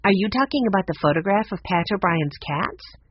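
A narrator doing a gentle, observant young girl from a storybook, soft-spoken with a lively lilt. The husky reading comes through a slightly dull recording. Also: medium pitch, a little fast. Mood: earnest. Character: girl, sensitive artistic younger sister.

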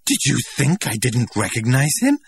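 A man's voice: medium pitch, animated, normal speed, slightly rough, pitched above the performer's own voice. A man reading aloud who voices a desperate middle-aged woman, pleading and rising to shrieks.

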